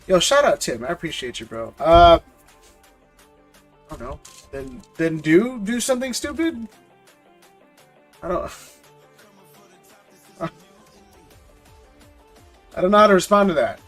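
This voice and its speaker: A man's voice: fairly high pitch, animated, takes it slowly, pauses often, fairly bright tone, faint music behind. A man hosting a live stream, chatting casually and jokingly with viewers in loose slang, often repeating words as he goes. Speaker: live-stream host opening trading card packs.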